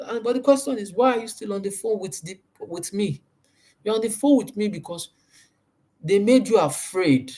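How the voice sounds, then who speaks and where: A man's voice: sits high, darkish tone. A man giving a sales training talk, pressing each point hard and repeating key phrases. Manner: emphatic and repetitive, stresses points by repeating them.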